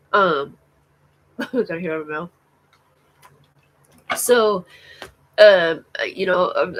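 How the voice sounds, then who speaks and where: A woman's voice: lowish voice, fairly bright tone, rough recording. A woman rambling through a live stream monologue, full of fillers and restarts, swearing often. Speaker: vlogger.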